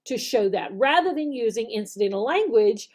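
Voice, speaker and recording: A woman, an online English teacher explaining classroom techniques, often acting out slow, exaggerated example phrases and checking in with "okay?". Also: on the high side, lively intonation, a little mellow. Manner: demonstrates phrases slowly and exaggerated, tags "okay?". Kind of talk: instructional video talk.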